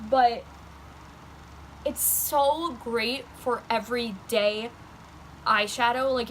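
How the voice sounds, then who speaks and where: Slow, chatty high-voiced woman vlogger. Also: fairly bright tone, a little hiss or hum. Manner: chatty, lots of ums and likes. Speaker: beauty vlogger. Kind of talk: casual chat showing makeup. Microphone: phone.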